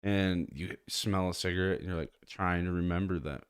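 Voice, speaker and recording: A man with a deep, smooth, resonant voice chats casually as a podcast co-host. He rambles through loose run-on thoughts and laughs often. The sound is close and dry. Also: fairly even intonation, moderate pace, dry recording. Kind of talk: casual chat.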